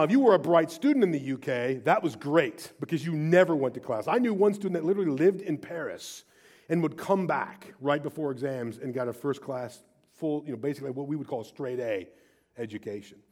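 A middle-aged man preaching with a fairly high voice. He tells stories in an animated, emphatic way, leaning hard on key words. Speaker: pastor. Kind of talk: sermon.

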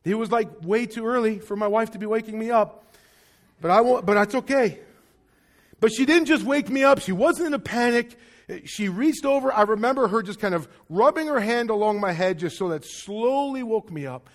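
A man's voice: high voice, normal speed. A man preaching a sermon in an earnest, repetitive way, dropping to a near whisper at moments.

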